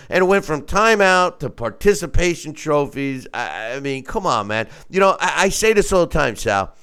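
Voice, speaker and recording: A middle-aged man hosting a casual talk show, animated and quick to act out other people's voices. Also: clean tone. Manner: animated, acts out quoted voices in mock falsetto.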